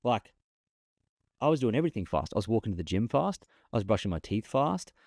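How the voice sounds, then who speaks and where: Animated male storyteller, dry sound. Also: on the low side, a little fast, creaky, dry recording. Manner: animated storyteller, repeats himself. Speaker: podcast guest, investor. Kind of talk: casual interview talk. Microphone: remote call.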